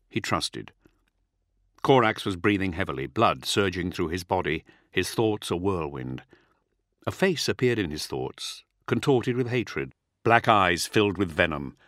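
A middle-aged man reads a dramatic audiobook in a low voice that rises and falls a lot. His delivery is measured, and the recording is close and dry. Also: fairly bright tone, no room sound. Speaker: audiobook narrator. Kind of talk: scripted audiobook narration.

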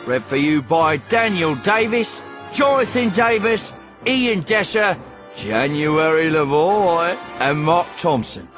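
A man's voice: fairly high pitch, sing-song, slow. A man reading audiobook closing credits in a polished announcer style. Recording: voice over loud music bed.

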